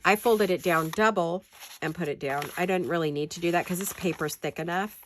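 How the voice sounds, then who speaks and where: A woman's voice: on the low side, brisk, a little hiss or hum. A woman with a stuffed-up nose from a head cold gives a chatty, rambling, self-deprecating paper-craft tutorial in her home studio.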